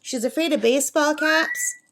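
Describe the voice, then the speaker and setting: A woman's voice: high voice, moderate pace, noisy background. Chatty middle-aged woman crafting and talking. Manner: chatty, reads out number codes, coos at her parrot. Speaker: craft vlogger. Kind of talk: casual chat while crafting. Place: campsite.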